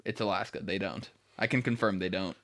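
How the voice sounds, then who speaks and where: A man's voice: low-pitched, fairly even intonation, fairly quick, fairly bright tone. A young man co-hosting a podcast, chatting casually and animatedly, swearing and laughing often. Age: young adult. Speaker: podcast co-host. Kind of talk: casual chat.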